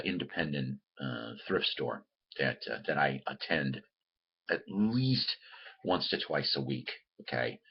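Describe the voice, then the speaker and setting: A man's voice: extremely low pitch, husky, lo-fi sound. A man hosting his own record-collecting show from a room at home, rambling casually to viewers, restarting and repeating words as he goes. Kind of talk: casual chatty monologue to viewers.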